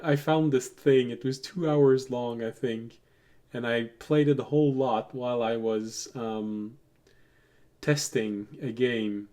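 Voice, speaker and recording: A man running a tabletop game as game master, relaxed and digressive, laughing often as he tells stories. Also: medium pitch, slow.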